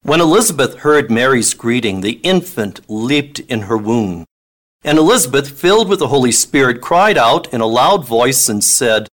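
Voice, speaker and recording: Guy reading scripture at mass, steady solemn delivery, middle pitch. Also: normal speed. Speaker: scripture reader.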